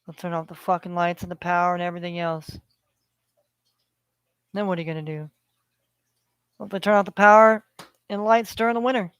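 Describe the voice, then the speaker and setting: A man on a heated, preachy rant, swearing freely and circling back to the same phrases. His voice is smooth and resonant. The sound is close and dry, with no room around it. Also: high-pitched, steady tone, brisk, pauses often, a bit bright, dry recording. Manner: profane, preachy, repeats phrases. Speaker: vlogger. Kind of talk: ranting monologue.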